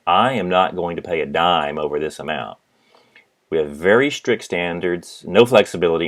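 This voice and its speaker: A middle-aged man giving a business lecture as a professor, telling stories in an animated way and acting out the people in them. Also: low-pitched. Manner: animated storytelling, acts out his father. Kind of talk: recorded lecture.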